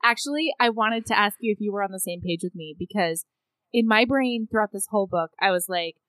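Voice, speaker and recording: A woman's voice: medium pitch, fairly quick, a bit bright, no echo, low-quality recording. A woman co-hosting a podcast, chatting casually about a book, frank and profane, laughing often. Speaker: podcast co-host.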